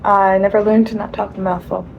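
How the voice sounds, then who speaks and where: A woman's voice: mid-range voice, level tone, fast talker, creaky, highs cut off, faint music behind. A young woman chatting casually in a rambling, laughing way as she vlogs her day. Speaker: vlogger. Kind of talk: casual vlog chat.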